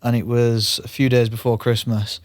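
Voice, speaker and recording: A man's voice: mid-range voice, normal speed, dry recording. A man hosting a podcast, telling stories in a chatty way and laughing often. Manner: lively storyteller, chatty with frequent laughs. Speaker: podcast host. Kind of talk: casual podcast conversation.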